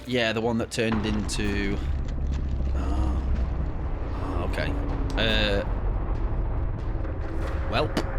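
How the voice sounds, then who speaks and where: A man's voice: lowish voice, takes it slowly, pauses often, very noisy. A British man streaming a game live, rambling and joking with his viewers in casual chat. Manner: rambling, jokey, chats with viewers.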